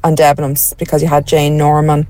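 A woman's voice: low voice, completely flat delivery, crowd noise. A woman calling a radio show, friendly and rambling as she chats. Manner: friendly, rambling, quick asides. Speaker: radio caller. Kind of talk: casual phone-in chat.

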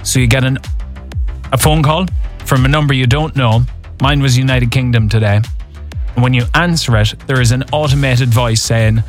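A man's voice: mid-range voice, steady tone, normal speed, faint music behind. A man hosting an evening radio show, telling a story in a chatty, casual way. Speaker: radio host.

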